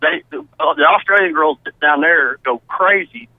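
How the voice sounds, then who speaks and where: A man's voice: a little high, animated, moderate pace, dry recording. A man with a Southern American accent, calling in to a radio show and telling a rambling, friendly story. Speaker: caller. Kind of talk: casual phone-in story. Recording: tinny phone line.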